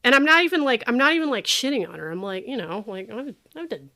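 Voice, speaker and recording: A woman's voice: fairly high pitch, lively intonation, fast, bright, forceful tone. A woman co-hosting a podcast, chatting casually and sarcastically about a movie, with many fillers. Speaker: podcast co-host. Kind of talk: casual movie-review chat.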